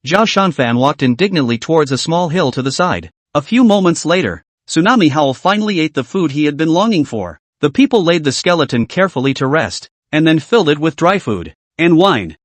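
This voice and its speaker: A man narrating a manhua recap in a plain, steady storytelling manner. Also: fairly high pitch, a little fast, few pauses, no room sound.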